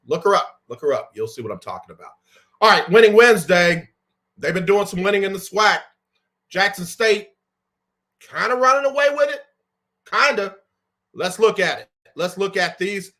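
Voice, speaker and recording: A man hosting a casual sports talk show, running through college football rankings in an animated, conversational way with slang asides. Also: on the high side. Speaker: show host.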